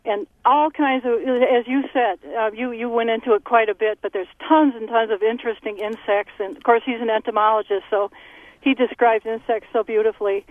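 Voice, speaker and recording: A woman's voice: a little high, steady tone, a little fast, dry recording. A woman calling in to a radio show, earnestly and enthusiastically recommending something, heard over a phone line. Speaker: caller. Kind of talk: radio call-in.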